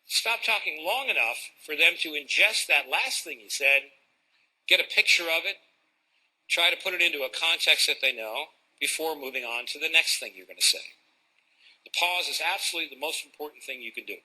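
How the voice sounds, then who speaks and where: Male speaker, slightly high and very bright voice, lively teaching style with rhetorical questions to the room. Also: normal speed, low-quality recording. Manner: animated, demonstrative, rhetorical questions. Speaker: presentation coach. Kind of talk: live talk to an audience.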